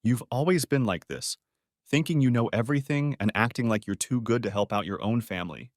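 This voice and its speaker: A man voicing a furious young man who shouts bitter accusations at his brother in a read-aloud story. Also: medium pitch, fairly quick, no room sound, clean studio sound, natural voice. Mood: accusing.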